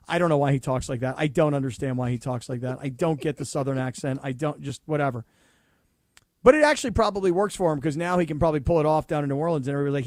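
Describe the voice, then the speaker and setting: A man co-hosting a sports talk radio show, animated and sarcastic, who slips into mocking impressions of players. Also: on the high side, rapid-fire, no room sound, studio quality.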